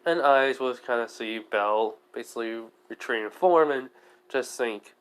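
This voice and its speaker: A man's voice: mid-range voice, normal speed, a bit bright, clear, resonant tone. A man casually narrating an improvised story, rambling with many fillers and frequent self-corrections. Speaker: fan storyteller.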